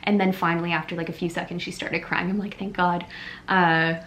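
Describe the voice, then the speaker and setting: A young woman telling a personal story in a casual vlog, chatty and animated, full of "like" fillers. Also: on the low side, brisk, slight background noise. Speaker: beauty vlogger.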